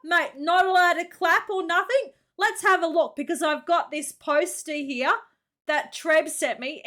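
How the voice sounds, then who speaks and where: An Australian woman with a high, bright voice chats through a reaction video. She talks at an unhurried pace, exclaiming and throwing in slang as she goes. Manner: chatty and exclamatory, slangy, laughs often. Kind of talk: casual reaction commentary.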